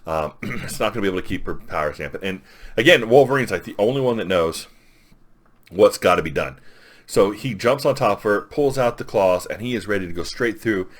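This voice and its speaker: A man's voice: lowish voice, lively intonation, fairly quick. A man casually retelling a comic book story as a reviewer, with lots of fillers and quoted lines. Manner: rambling, filler-heavy recap with quoted lines.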